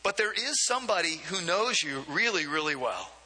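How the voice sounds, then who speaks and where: A man's voice: a little high, very animated, normal speed, bright, forceful tone, breathy edge. A man preaching a sermon as pastor, in a conversational way with frequent asides and repeated words. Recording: long hall reverb.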